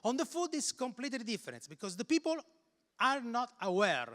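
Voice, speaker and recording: High-voiced Italian man presenting in a hall. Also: big pitch swings, fairly bright tone. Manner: halting, repeats words while searching for English phrasing. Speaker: conference speaker. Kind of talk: conference presentation. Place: large conference hall. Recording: reverberant hall.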